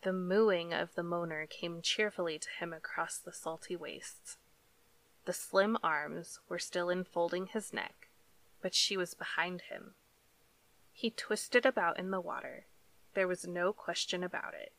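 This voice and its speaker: A woman narrating a story in a measured, deliberate reading style. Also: fairly low pitch, animated, fairly bright tone, no room sound. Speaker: audiobook narrator.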